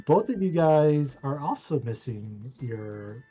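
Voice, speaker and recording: A game master narrating a tabletop game, halting often with fillers. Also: mid-range voice, lively intonation, warm tone, muffled recording, soft background music. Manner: halting, many uhs.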